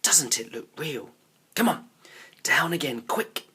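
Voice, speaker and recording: A man voicing an excited young boy in a chief costume, with a high, eager voice that drops to a shaky whisper. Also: a little slow, slightly rough, full character voice.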